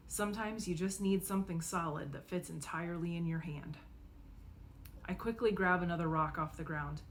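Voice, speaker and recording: A woman narrating a novel in the first person, expressive and acting out the dialogue. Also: lowish voice, slight background noise. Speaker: audiobook reader.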